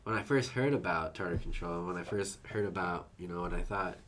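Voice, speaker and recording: A man's voice: sits low, a little fast, fairly bright tone, slight background noise. A man hosting a casual podcast interview, giggling often and stumbling over his reading and questions. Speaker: podcast host.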